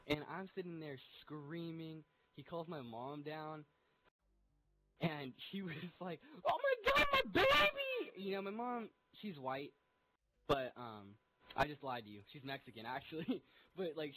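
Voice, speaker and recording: Dude with a kinda high voice rambling thru a story, lots of likes and ums, faint hiss behind. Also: male voice, low-quality recording. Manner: rambling, full of fillers and laughs. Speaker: vlogger. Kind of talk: casual storytelling.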